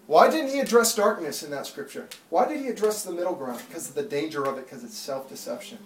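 A man's voice: a little high, lively intonation, quick pace, a little hiss or hum. A man preaching a sermon to a congregation, talking plainly and then building to urgent, impassioned appeals. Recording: echoey room, mic far off.

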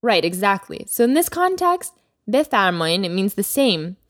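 A woman hosting a language lesson podcast as the teacher, speaking clearly and slowing down to model new words. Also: medium pitch, very animated, dry recording, studio quality. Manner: clear teacherly delivery, slows down for vocabulary. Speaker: Persian teacher, podcast host.

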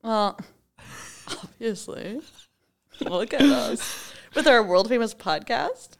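A woman's voice: a little high, expressive, slow, creaky. A woman co-hosting a podcast, chatting casually in a bubbly, jokey way and laughing often. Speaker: podcast co-host. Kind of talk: casual chat.

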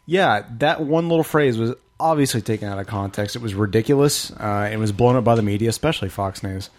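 A man's voice: on the low side, fairly quick. A man hosting a casual chat podcast, joking as he runs through news items by category. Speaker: podcast host.

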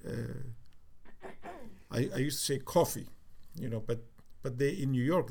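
Older Cypriot-accented man, mid-pitched, halting storyteller full of ums and restarts. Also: darkish tone. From Cyprus. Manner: halting, with many fillers and restarts. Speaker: interviewee. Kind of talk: reflective storytelling.

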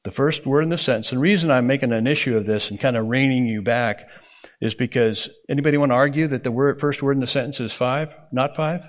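A man's voice: mid-range voice, quick pace. A man teaching a Bible interpretation class, explaining in a folksy way and often checking in with the room. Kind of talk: classroom lecture.

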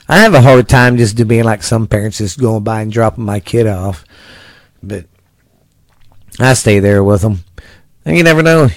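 A man's voice: mid-range voice, dry recording. A man hosting a casual podcast, rambling along in a laid-back way with plenty of fillers. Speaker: podcast host.

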